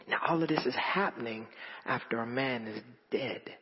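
Pastor guy w a husky high voice telling a story from the pulpit, muffled lo-fi audio, big hall echo. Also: moderate pace. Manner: animated, repeats phrases for emphasis. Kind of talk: storytelling sermon. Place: church in front of a congregation. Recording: dull lo-fi audio with long hall reverb.

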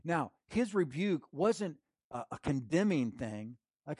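A male pastor preaches in a loose, slangy, conversational way, often restarting his sentences. He swings from loud, emphatic bursts to hushed, quiet passages. His voice sits a little high and is recorded dry and close. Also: very animated, slow, no echo. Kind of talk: sermon.

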